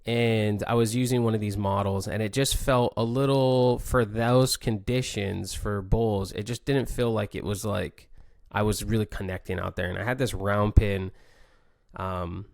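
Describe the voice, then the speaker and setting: A young man talks through his thoughts in a loose, rambling podcast monologue, stopping and restarting often. His voice sits low with a gravelly edge. The sound is dry and close, with no room around it. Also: fairly even intonation, measured pace, darkish tone, dry recording. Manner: rambling, many fillers and restarts, thinking aloud. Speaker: podcast host, competitive surfer. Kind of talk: casual reflective monologue.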